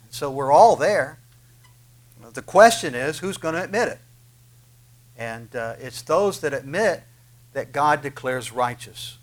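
A man's voice: fairly high pitch, animated, a little slow, pauses often. A man preaching a sermon, earnest and questioning, with frequent filler sounds as he reads and explains scripture. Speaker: pastor.

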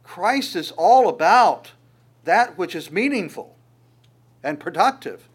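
A man preaching a sermon, lively and conversational, often stammering on repeated words and acting out quoted voices. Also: fairly high pitch. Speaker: pastor.

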